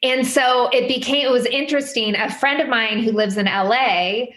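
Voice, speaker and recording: Woman, forties, chatty podcast guest, fairly high voice, echoey room, lots of fillers. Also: moderate pace. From Midwestern United States. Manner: animated, many fillers, jumps up in pitch quoting others. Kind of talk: candid conversational storytelling. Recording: roomy echo.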